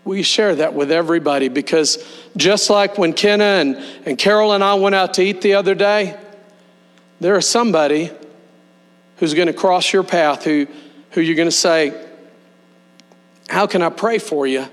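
A man pastor delivering a sermon, leading the congregation in slow, emphatic call-and-response. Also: high voice. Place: church sanctuary. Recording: long hall reverb with mains hum.

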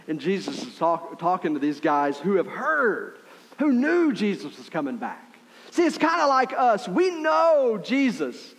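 A man preaching a sermon as pastor, telling the story in an animated way with acted-out voices and asides to the congregation. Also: high-pitched, unhurried, big-room sound.

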